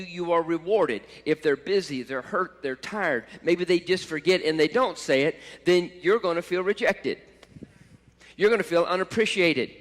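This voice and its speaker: A man preaching a sermon as pastor, impassioned, swelling to loud cries at times. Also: fairly high pitch. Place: church sanctuary. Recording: church hall reverb.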